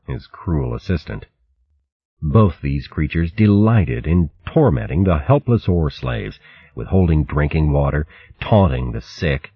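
A man narrating a storybook in a measured, dramatic way. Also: very deep voice, slightly rough. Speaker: audiobook narrator. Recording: dull dry audiobook recording.

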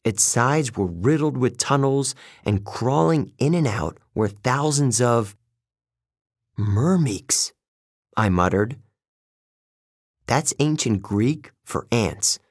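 A man narrating a first-person story in a measured, steady way, recorded close to the mic. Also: medium pitch, no echo. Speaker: audiobook narrator.

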